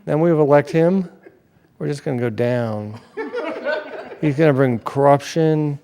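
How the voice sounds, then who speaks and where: Male comedy host, gravelly voice, casual rambling banter. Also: fairly high pitch, unhurried, dark tone. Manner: rambling, joking asides to the audience. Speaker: show host.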